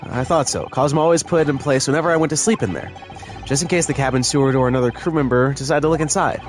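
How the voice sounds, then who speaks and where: A man's voice: mid-range voice, fast talker, lightly acted. A man reading game dialogue aloud as an earnest, flustered young male defendant, in a pleading, emphatic manner. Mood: reasoning. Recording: faint music behind.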